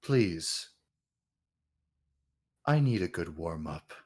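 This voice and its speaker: A smug usurper king, put on by a man running a tabletop game. He talks down with fake politeness and grand airs. His voice sits low and quiet. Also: very animated, very slow, slightly rough, heavily acted. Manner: pompous, mock-polite, lowered voice. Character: smug, pompous male usurper king, sly.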